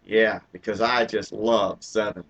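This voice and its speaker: A man's voice: on the low side, fairly even intonation, a little slow, a bit bright, husky. A man hosting his own live stream, chatting casually and poking fun at himself, with lots of filler words. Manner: rambling and self-deprecating, many filler words. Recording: dull lo-fi live stream audio.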